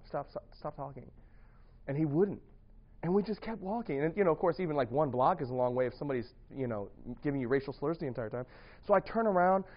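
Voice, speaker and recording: A young man with a slightly high voice tells a rambling story to a few friends, laughing often and restarting his sentences. The recording is muffled and lo-fi, with the top end dulled. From grew up partly in the US Midwest. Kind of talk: casual storytelling to a small group.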